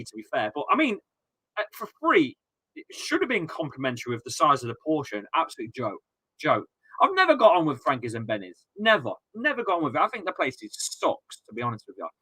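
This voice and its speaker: A man's voice: high voice, bright, forceful tone, no echo. A man in his thirties chatting casually and ranting with swearing on a live football watchalong stream.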